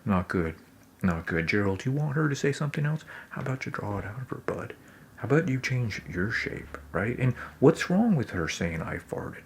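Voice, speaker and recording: A man talks over his own footage in a very low, gravelly voice, wry and hard on himself. He often slips into whispered asides. A faint hiss sits underneath. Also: expressive, normal speed. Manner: self-critical, wry, drops into whispered asides. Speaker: commentator on his own scene. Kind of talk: self-critical commentary voice-over.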